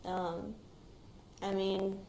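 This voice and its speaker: A woman's voice: mid-range voice, little pitch movement, very slow, gravelly. Hesitant young woman in a roomy space. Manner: hesitant, reflective, quiet-spoken. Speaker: shooting survivor, active military member. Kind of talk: recounting a personal experience in an interview. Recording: roomy recording with faint background noise.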